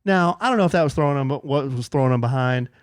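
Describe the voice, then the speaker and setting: Animated man telling a story on a podcast. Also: fast, smooth, no room sound, clean studio sound. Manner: animated, jumps high when quoting people. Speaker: podcast co-host. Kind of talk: casual storytelling chat.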